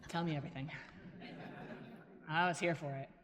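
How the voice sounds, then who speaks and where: A woman giving a motivational keynote talk, an animated storyteller who acts out quotes with a lively voice and laughs between stories. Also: low voice, normal speed, crowd noise. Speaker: keynote speaker. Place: large conference hall. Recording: echoey hall reverb.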